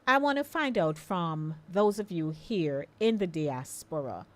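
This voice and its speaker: A Jamaican woman in middle age hosts a live call-in radio show, speaking in an unhurried, drawn-out way. Her voice sits a little low, and she keeps coaxing listeners to phone in and take part. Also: expressive. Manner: chatty, slow and coaxing, invites callers.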